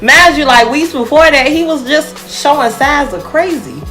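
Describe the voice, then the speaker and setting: A young woman telling a personal story to her viewers in a casual, animated way, often calling them y'all. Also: high-pitched, normal speed, soft background music.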